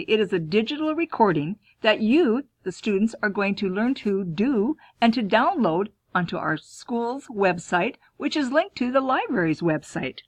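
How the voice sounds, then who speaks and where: A woman school librarian teaching students, clear and instructive, posing questions and answering them herself. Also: mid-range voice, dry recording, muffled recording. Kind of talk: classroom lesson, talking to students.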